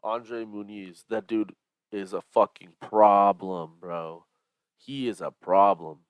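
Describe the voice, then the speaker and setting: A man with a fairly low voice chats casually as co-host of a fight podcast. He talks in slang and laughs easily. The sound is dry, with no room echo. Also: steady tone, slow pace, smooth. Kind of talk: casual chat.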